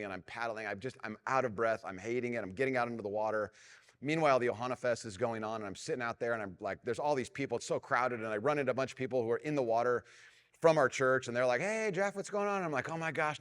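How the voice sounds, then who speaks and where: A middle-aged man preaching a sermon as pastor, telling a self-mocking story and dropping to a hushed, prayerful tone. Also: mid-range voice. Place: large church hall. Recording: long reverb of a church hall.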